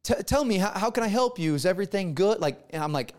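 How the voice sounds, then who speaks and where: A middle-aged male pastor telling a story in a sermon, acting out the dialogue with lively energy. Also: sits high, quick pace, hardly any pauses.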